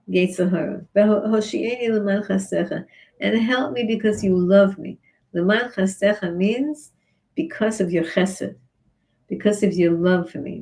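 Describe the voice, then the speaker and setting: A woman giving a Torah class on Psalms in an earnest, expressive way, acting out back-and-forth dialogue with God. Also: medium pitch, low-quality recording. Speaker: rebbetzin teaching Psalms.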